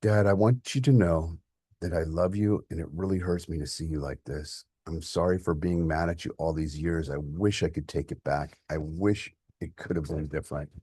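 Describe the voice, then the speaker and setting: A man's voice: a bass voice, normal speed, dark tone, husky, no echo, clean studio sound. A man voicing a grown son, raw and emotional, who is angry at his father and later tender with him.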